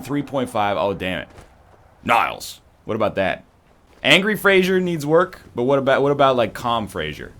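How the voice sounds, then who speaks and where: Jokey Canadian man, lively voice. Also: a little high. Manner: rambling, jokey, sarcastic. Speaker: let's play streamer. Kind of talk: casual gaming commentary.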